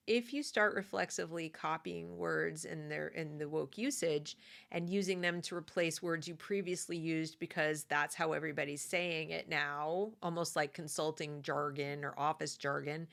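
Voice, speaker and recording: A lower-pitched American woman with a gravelly edge to her voice, talking straight to her viewers. She speaks casually and with firm opinions, stumbling into fillers and restarts as she goes. She sounds like someone thinking out loud at home. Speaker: commentary host.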